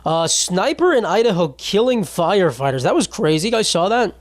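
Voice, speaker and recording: A young man in his twenties rambles through a casual solo podcast, swearing freely and tacking "bro" onto his jokes. His voice sits a little high. The sound is close and dry, with no room around it. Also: very animated, brisk, dry recording. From United States. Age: 20s. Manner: rambling, profane, jokey, trailing off with "bro" and "dude". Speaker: podcast host.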